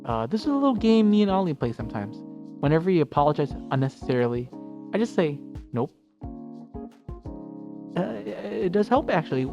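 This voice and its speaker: A man reading a calm, teasing furry friend. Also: fairly high pitch, brisk, long pauses, highs cut off, soft background music, voice pushed up. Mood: reassuring. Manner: calm, gentle, reassuring.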